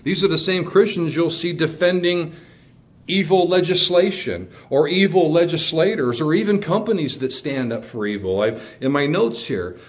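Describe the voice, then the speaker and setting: A man's voice: on the high side, animated, normal speed, lo-fi sound. A man preaching a sermon in an earnest, emphatic way, with fillers and restarts.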